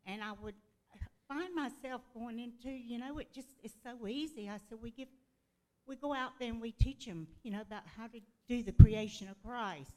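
A woman sharing a testimony at a church gathering, speaking hesitantly with halting fillers. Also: fairly high pitch, dark tone, rough recording. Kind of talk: casual spoken testimony.

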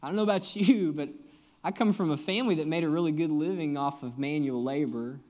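A male pastor delivering a sermon in a slightly high, conversational voice. He tells a story earnestly, talks right to the congregation, and leans hard on emphasis by jumping in pitch and loudness. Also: brisk.

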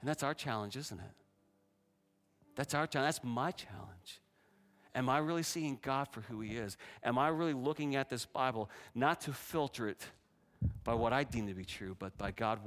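A middle-aged man preaching a sermon, animated, acting out the lines of the figures he talks about. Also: normal speed. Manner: animated, voices God and Jonah with rising pitch and force. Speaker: pastor.

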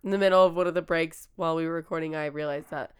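A woman co-hosting a comedy podcast in casual chat, her voice raspy. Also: low voice, fairly even intonation, rapid-fire. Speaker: podcast co-host.

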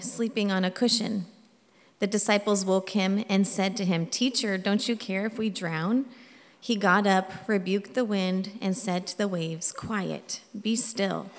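Female scripture reader, mid-pitched, measured reading, long church reverb. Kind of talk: Bible reading. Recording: long echo of a church hall.

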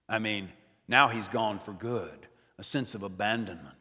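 An older man preaching a sermon in a church, swinging from loud emphatic lines down to near whispers. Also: lowish voice, normal speed, big-room sound. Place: church nave.

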